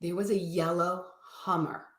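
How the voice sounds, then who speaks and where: Animated woman telling a story. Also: fairly low pitch, a little slow. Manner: animated storyteller, acts out quoted voices. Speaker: guest. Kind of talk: casual storytelling in a live chat. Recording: echoey room.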